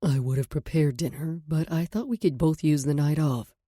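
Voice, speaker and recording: A woman reading a composed, courteous wealthy man in a calm, measured voice. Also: sits low, no room sound, studio quality, voice pushed down. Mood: gentle.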